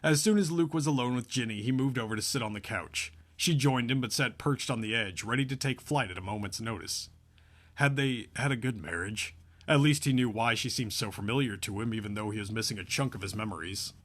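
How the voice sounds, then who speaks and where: A man narrating a novel aloud in a steady, even way. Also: medium pitch, brisk. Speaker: audiobook narrator. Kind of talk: scripted narration.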